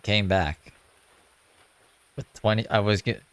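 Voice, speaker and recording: A man's voice: fairly low pitch, steady tone, takes it slowly, clear, resonant tone. A man hosting a reaction stream, making laid-back, offhand remarks about what he is watching. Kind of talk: casual reaction commentary.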